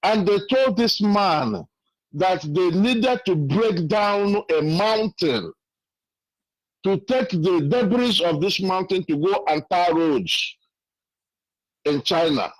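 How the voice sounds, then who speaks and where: A man's voice: high-pitched, expressive, slow, no echo, poor audio. A man from Nigeria with a Nigerian accent, calling in to a radio show and telling a story earnestly, repeating his phrases. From Nigeria (Imo State). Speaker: caller. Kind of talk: call-in testimony, storytelling. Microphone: phone call.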